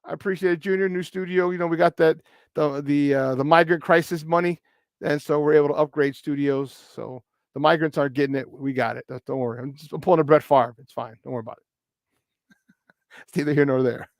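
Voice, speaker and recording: A man hosting a morning sports talk show from a studio, hyped and playful as he shouts out listeners in the chat. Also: a little high, a little fast, dry recording. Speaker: sports talk radio host.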